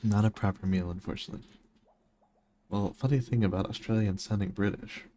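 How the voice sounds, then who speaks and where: Low-voiced guy streaming a game, chats w viewers, dry jokes, faint background hiss. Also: fairly even intonation, brisk, dark tone. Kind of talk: casual chat with viewers while gaming.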